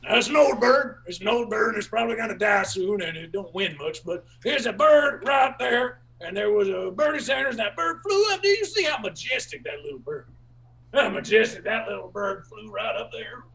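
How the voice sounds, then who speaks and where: High, gravelly man rambling an absurd bit. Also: lively intonation, recorded from a distance, poor audio. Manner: rambling, repetitive, halting with many fillers; broken folksy grammar, sudden shouted bursts. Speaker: open mic comedian. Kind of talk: absurdist stand-up character bit.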